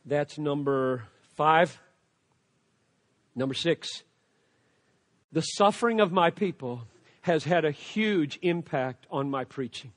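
An older man preaching a sermon as a pastor, emphatic, swinging from loud declarations to quiet asides. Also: on the high side, expressive, takes it slowly, long pauses, in a large hall.

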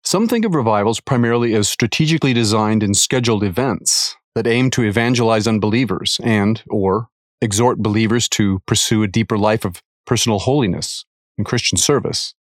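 A man reading a devotional article aloud, earnest and measured, with careful emphasis. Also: lowish voice, no room sound, clean studio sound.

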